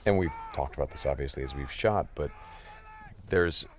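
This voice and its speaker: A man's voice: rumbling low, normal speed, slight background noise. A man interviewing a game developer, curious and asking follow-up questions. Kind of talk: interview chat.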